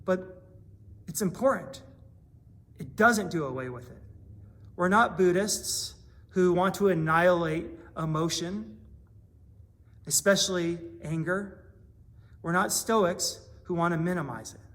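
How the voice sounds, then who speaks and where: A man's voice: sits high, unhurried, long pauses, fairly bright tone. A man preaching a sermon in a small church, earnest and conversational, building to stronger emphasis. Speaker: pastor.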